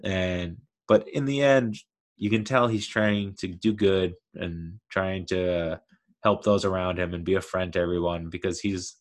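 A man's voice: low-pitched, fairly even intonation, unhurried. A man talking casually as a video host, rambling and correcting himself, with frequent chuckles. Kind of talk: casual commentary.

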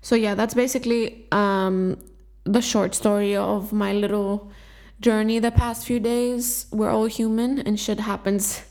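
A woman's voice: mid-range voice, creaky, darkish tone. A young woman hosting a self-help podcast, talking candidly and swearing freely as she addresses her listeners. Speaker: podcast host. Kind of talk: casual self-help talk.

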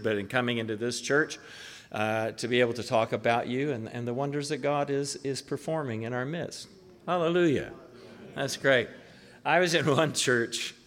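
A man's voice: medium pitch, fairly bright tone. A man preaching a sermon in a church, chatty and often using filler words. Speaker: pastor. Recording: echoey hall.

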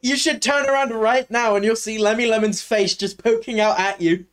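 A man's voice: high voice, steady tone, moderate pace, a bit bright. A young man co-hosting a casual podcast, cheeky and giggly with crude quips. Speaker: podcast co-host.

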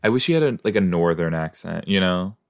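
Here a man's low-pitched, creaky voice moves a little fast and sounds expressive. He hosts a relaxed watch-along podcast on a TV episode, chatting away, exclaiming at the screen, responding to characters directly and adding playful asides.

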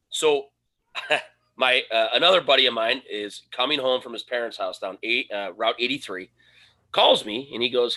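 A man's voice: mid-range voice, fairly quick. A man co-hosting a podcast, telling a casual story and acting out the quoted lines with animation. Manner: animated, acts out his own quoted lines. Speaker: podcast co-host.

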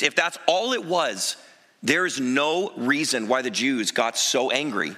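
A man preaching a sermon as pastor in a church, telling the story in an animated way with emphatic asides. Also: on the high side, normal speed. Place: church sanctuary. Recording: long reverb of a large church hall.

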